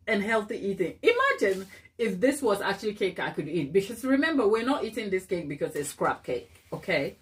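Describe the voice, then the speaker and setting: A woman's voice: medium pitch, big pitch swings, a little fast. A chatty woman hosts a casual baking live stream, talking through her ideas as she works. She reads out viewer comments and laughs often. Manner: thinks aloud while working. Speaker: cake baker hosting a live stream.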